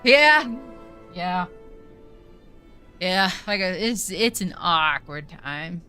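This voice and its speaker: A woman's voice: on the low side, takes it slowly, bright, forceful tone, faint music behind. A woman streamer in casual live-stream chat with viewers, chatty and thinking aloud, swearing casually.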